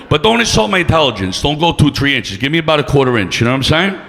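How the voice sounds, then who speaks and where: A man's voice: mid-range voice, very animated, quick pace, fairly bright tone. A man doing stand-up, brash and profane, teasing the crowd. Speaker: stand-up comedian. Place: comedy club stage. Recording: long reverb of a club room.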